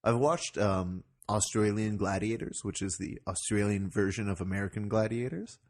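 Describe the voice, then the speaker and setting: A man's voice: lowish voice, fairly even intonation, moderate pace, darkish tone. A man co-hosting a podcast in casual comedic chat, with dry, mock-blunt humor. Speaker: podcast co-host.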